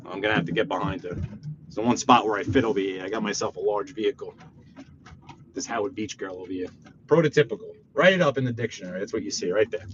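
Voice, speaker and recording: A man with a New York accent talks loosely to his live-stream viewers from behind the wheel, and his pitch swings widely as he reacts. The sound is a bit dull and lo-fi, with faint road hum behind him. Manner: chatty, reads chat aloud, animated outbursts. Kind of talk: casual live-stream chat while driving. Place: inside a car.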